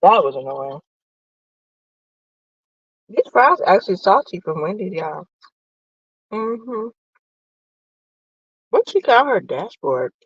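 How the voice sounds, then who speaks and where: A woman hosting a casual, profane sports chat from her parked car while eating lunch, animated and nosy. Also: medium pitch, slow pace, pauses often, breathy edge, no room sound, dull audio. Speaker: sports podcast host. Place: parked car in a parking lot.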